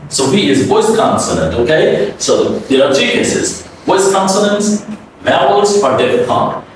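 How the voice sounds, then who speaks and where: A man teaching a pronunciation lesson, his pitch bouncing widely as he drills each word slowly and repeats it for students. His voice sits a little high for a man. It is heard from a distance in a very echoey space with faint noise behind. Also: big pitch swings.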